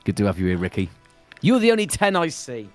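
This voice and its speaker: A man's voice: mid-range voice, huge pitch swings, music in the background. A man teasing and joking with his co-host on a livestream. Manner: playful, teasing, quick to laugh. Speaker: streamer co-host. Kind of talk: casual banter on a livestream.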